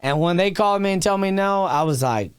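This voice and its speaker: A man's voice: high voice, expressive, brisk, clear, resonant tone, no echo, studio quality. A man in his thirties, a podcast guest telling a raw, emotional story, swearing freely and restarting his sentences. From Texas. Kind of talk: candid storytelling interview.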